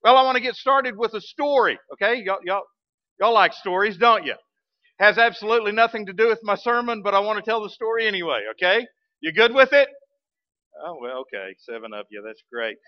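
A man, a pastor telling a story in a sermon, folksy and animated. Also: high-pitched, brisk, no echo, muffled recording. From Arkansas, US. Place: church sanctuary.

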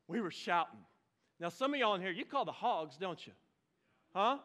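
A man from Oklahoma, preaching a lively, storytelling sermon with sudden bursts of shouting. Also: high-pitched, moderate pace. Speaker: pastor.

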